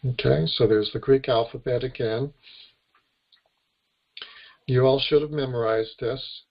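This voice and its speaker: An American man teaching a webinar lecture in a deeply gravelly, husky voice. He walks through the letters patiently, one by one, at an unhurried pace. The recording sounds dull and lo-fi. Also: fairly even intonation. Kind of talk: lecture to an online class. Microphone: computer microphone on a webinar.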